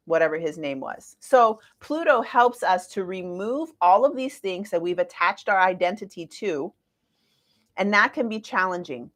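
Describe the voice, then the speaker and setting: A woman in her forties giving a casual astrology talk to viewers, chatty and lively with playful asides. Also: mid-range voice, normal speed. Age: 40s.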